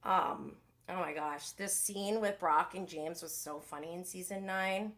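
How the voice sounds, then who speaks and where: Woman, bright tone, gossipy recap host, animated casual chat. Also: on the low side, normal speed, vocal fry. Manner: chatty, animated, gossipy, reads comments aloud. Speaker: podcast host.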